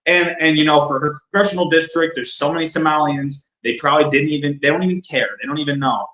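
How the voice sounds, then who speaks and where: A man's voice: a little high, fairly even intonation, quick pace, pushed and bright. A man co-hosting a podcast, talking politics in a blunt, emphatic way and often repeating himself. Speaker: podcast co-host. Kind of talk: casual political discussion. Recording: roomy echo.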